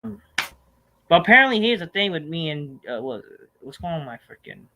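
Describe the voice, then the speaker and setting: A man with a somewhat high voice runs a casual live stream Q&A, rambling through viewer questions. He swears freely and jumps into loud, animated outbursts. He talks into a computer mic. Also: moderate pace.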